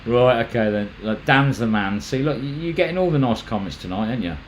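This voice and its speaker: A man's voice: mid-range voice, animated, fast talker, slight background noise, rough recording. A man hosting a casual livestream, chatting in a rambling way, restarting his sentences and reading out viewer comments. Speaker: magnet fishing channel host.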